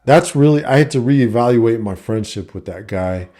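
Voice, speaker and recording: A man's voice: mid-range voice, animated, moderate pace, warm tone. A middle-aged man telling a story in a blunt, profane, casual rant. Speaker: vlogger and coach.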